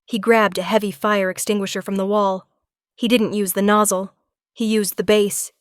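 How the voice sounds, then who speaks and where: A woman's voice: mid-range voice, little pitch movement, moderate pace, smooth, no echo. A woman narrating a suspenseful first-person audiobook. Her voice sits in a middle range and the sound is dry and close. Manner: tense first-person storytelling.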